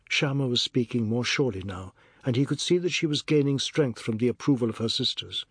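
Brief: male narrator, breathy texture, dead-dry booth, steady literary read. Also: mid-range voice, no echo. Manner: measured, even storytelling. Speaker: audiobook narrator.

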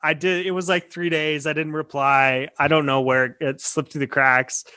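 Bright-voiced animated man telling stories. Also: on the high side, normal speed. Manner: animated storytelling, laughs often, restarts. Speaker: podcast co-host, college teacher. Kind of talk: casual chat.

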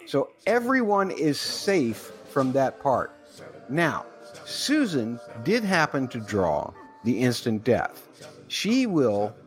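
Man, podcast host, chatty solo talk, fillers, faint background music. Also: mid-range voice.

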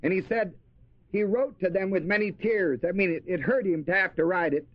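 A man's voice: high-pitched, fairly quick, no echo. A man preaching a sermon, asking his listeners questions and repeating key words for emphasis. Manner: asks the audience questions and answers them. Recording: dry, dull lo-fi recording.

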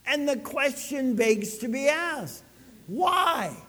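A man preaching a sermon, telling a story with dramatic swings between loud and soft. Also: sits high, animated, takes it slowly, long reverb tail. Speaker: pastor.

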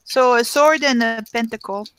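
A woman's voice: a little high, normal speed, a bit bright, slight background noise. A woman playing a tabletop game, hesitant and humming while she looks things up. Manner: hesitant, hums while searching. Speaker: player.

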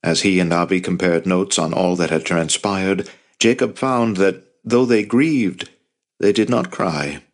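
A man with a low-pitched voice narrates an audiobook from a script. His storytelling is measured and even.

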